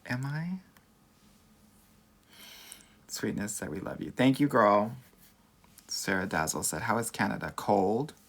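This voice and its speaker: A man's voice: fairly low pitch, expressive, moderate pace, a bit bright. A man with a Southern California Valley accent, a dating coach chatting casually on a livestream, sassy and campy, calling everyone girl. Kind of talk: casual livestream chat reading comments.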